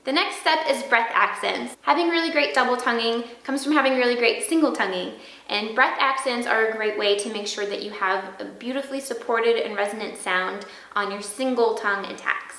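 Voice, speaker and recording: Bright-voiced woman teaching flute. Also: fairly high pitch, reverberant, rough recording. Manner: clear, step-by-step demonstrating syllables aloud. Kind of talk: instructional video lesson.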